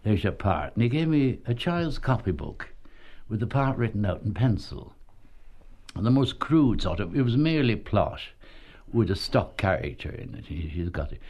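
Older male ex-actor, low gravelly voice, chuckling anecdotal storyteller. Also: big pitch swings, normal speed, highs cut off. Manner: chuckling storyteller, says "you see" often. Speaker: former travelling actor. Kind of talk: anecdotal reminiscence.

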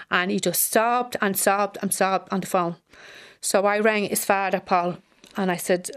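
A middle-aged Irish woman, a bereaved mother, giving halting personal testimony that repeats phrases as she relives a hard day. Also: medium pitch, steady tone, a bit bright, clear, resonant tone.

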